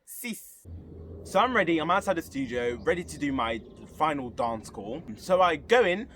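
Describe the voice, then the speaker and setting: A man's voice: a little high, normal speed, slight background noise. A young man, casually telling a story to camera and acting out the voices of the people in it. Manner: animated, acts out quoted voices. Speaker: vlogger.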